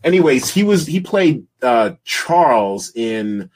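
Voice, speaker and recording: Husky-voiced man chatting about movies. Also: mid-range voice, big pitch swings, slow pace, a little mellow. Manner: rambling, laughs often, trails off searching for names. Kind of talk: casual chat about movies.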